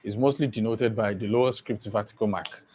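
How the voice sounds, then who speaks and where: A man's voice: fairly low pitch, steady tone, darkish tone, slight background noise. A man teaching an English exam-prep lesson, repeating each point and often asking if students understand. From Nigeria. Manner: slow, repetitive, checks understanding often.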